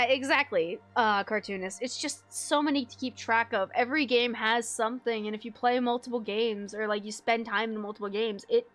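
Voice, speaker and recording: A woman's voice: on the high side, a bit bright. Casual rambling young woman streamer. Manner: rambling, swears casually, frequent fillers and laughs. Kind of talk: casual chat with viewers.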